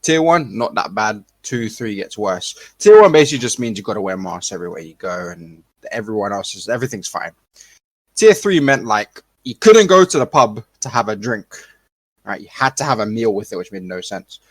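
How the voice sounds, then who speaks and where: A man's voice: on the low side, animated, a little fast, no echo. A man from the United Kingdom, chatting casually on a podcast and explaining things in slang.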